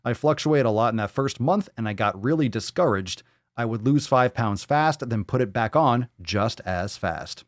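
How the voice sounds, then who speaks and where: Male podcast host, profane and mocking, lively pitch, dry close mic. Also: normal speed, no echo. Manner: sarcastic, profane, jumps into silly voices. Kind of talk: casual live show banter.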